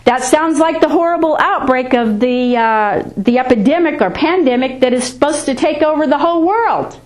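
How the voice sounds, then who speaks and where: A woman's voice: high-pitched, moderate pace. A woman preaching a sermon, reading scripture aloud and driving her points home with rising and falling emphasis.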